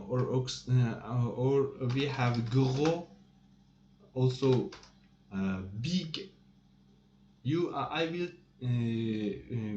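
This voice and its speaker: A man teaching a French lesson in English. He explains slowly, with many "uh" pauses, and stresses each English meaning. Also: mid-range voice, a little mellow, highs cut off. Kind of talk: slow, hesitant lesson explanation. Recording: echoey room with faint typing noise.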